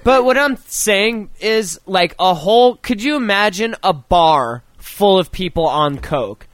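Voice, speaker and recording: High-voiced profane man joking. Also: lively intonation, unhurried, a bit bright, no echo. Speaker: podcast co-host. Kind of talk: casual chat, reading an article aloud.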